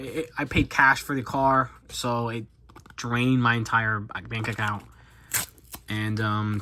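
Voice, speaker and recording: A man's voice: fairly low pitch, pushed and bright, slight background noise. A young man in his twenties chatting casually on his channel, rambling and self-deprecating with lots of fillers and restarts. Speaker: YouTuber. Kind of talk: casual chat while opening cards.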